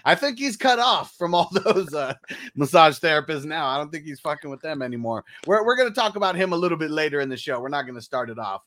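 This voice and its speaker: A man's voice: fairly high pitch, animated, fast, fairly bright tone. A man hosting a casual sports talk show, loose and profane, laughing often between points. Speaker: podcast host.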